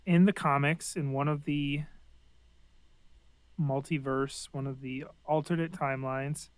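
A man in casual chat, relaxed, chiming in with corrections and comic-book trivia. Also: a little high, unhurried, clean tone, no echo, low-quality recording.

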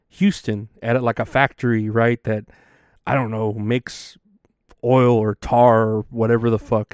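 A man's voice: medium pitch, a little mellow, clean tone, dry recording, clean studio sound. A man hosting a podcast in a casual, rambling monologue, swearing often and stopping for fillers. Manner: profane, rambling, with many fillers. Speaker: podcast host.

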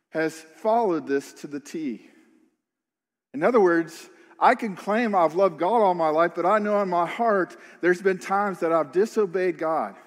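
A man with a notably high voice preaches a sermon, earnest and searching, turning the passage into questions for his listeners. His voice rings out with a long reverb trailing behind it. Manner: earnest, questioning, acts out quoted attitudes. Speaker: pastor.

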